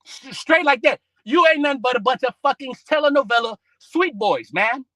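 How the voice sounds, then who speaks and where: High, sharp-voiced man ranting a sermon. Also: lively intonation, moderate pace, no room sound, rough recording. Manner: scolding, peppered with "man" and "bro"; quotes scripture between outbursts. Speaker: online religious preacher. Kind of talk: heated profane religious rant.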